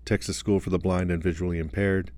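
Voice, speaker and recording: Deep-voiced man reading a slide description. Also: little pitch movement, quick pace, a little mellow, no echo, clean studio sound. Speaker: audio describer.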